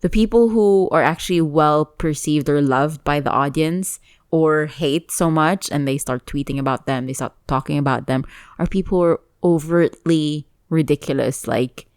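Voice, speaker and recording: Low smooth-voiced woman chatting on a podcast, teasing, dry close mic. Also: normal speed, darkish tone, no room sound. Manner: chatty, laughs often, teasing. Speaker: podcast co-host. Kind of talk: casual chat.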